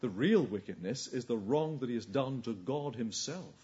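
A man preaching a sermon. He asks rhetorical questions and swings between hushed lines and forceful emphasis. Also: medium pitch, expressive, moderate pace, lo-fi sound.

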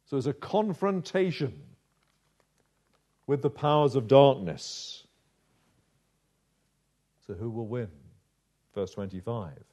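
A man preaching a sermon in a dramatic, measured way, slowing down to stress key phrases. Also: medium pitch, expressive, warm tone. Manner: dramatic, measured delivery with slowed emphasis.

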